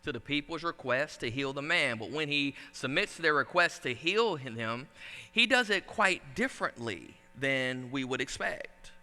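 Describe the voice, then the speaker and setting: A man, a pastor preaching a sermon in an animated, conversational storytelling style. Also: medium pitch, a little slow. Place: church sanctuary. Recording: echoey church sanctuary.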